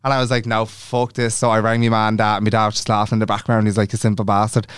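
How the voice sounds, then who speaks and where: Young male podcast co-host, rapid chatty storyteller with a smooth voice, dry close-miked sound. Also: lowish voice, flat delivery, no echo. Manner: chatty storyteller who acts out quoted dialogue and swears freely. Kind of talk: casual chat.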